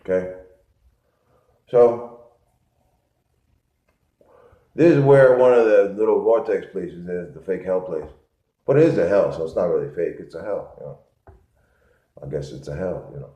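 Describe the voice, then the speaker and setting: A man from Connecticut telling a rambling, repetitive story in a low-key monologue. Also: a little slow, pauses often, mellow. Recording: echoey, muffled lo-fi room sound.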